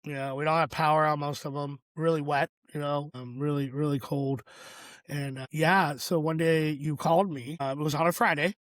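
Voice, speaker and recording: A man with a somewhat high-pitched voice tells a personal story on a podcast. He sounds earnest and reflective and leans on lots of fillers. The recording is close and dry. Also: steady tone, normal speed, a bit bright, no room sound. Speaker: podcast co-host.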